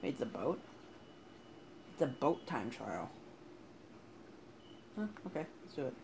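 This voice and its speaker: A young man talks over his game in loose, casual commentary, cursing freely and flaring into angry rants. His voice sits at an ordinary middle pitch. A clear layer of noise runs under the recording. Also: big pitch swings, measured pace. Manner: swears a lot, angry outbursts. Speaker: gameplay commentator. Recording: noisy home recording.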